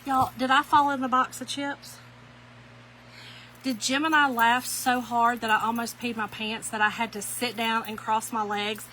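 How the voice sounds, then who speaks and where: A woman's voice: on the high side, level tone, moderate pace, sharp tone, slight background noise, low-quality recording. A middle-aged woman, chatting folksily to viewers while demonstrating a craft and telling a funny story. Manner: folksy, giggly, addresses viewers as y'all. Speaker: craft tutorial host.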